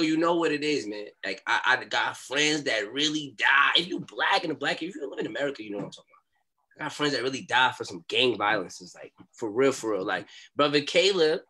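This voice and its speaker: New guy, young, lively storytelling, bright forward voice, acts out quotes. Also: on the high side. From New York. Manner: animated street talk, acts out quotes. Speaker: podcast guest. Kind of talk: storytelling in a podcast interview.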